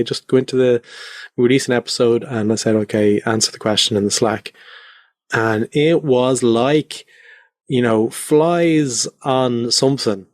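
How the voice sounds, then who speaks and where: A man's voice: medium pitch, no room sound, studio quality. A man guest talking loosely and reflectively with many fillers, from his converted attic at home. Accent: Irish. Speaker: podcast guest. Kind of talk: casual conversational interview.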